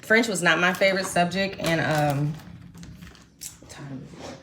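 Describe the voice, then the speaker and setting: Woman vlogger from the US, bright tone, lowish register, casual animated storyteller. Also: measured pace, slight background noise. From United States. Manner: animated storytelling, colloquial slang. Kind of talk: casual chat to camera.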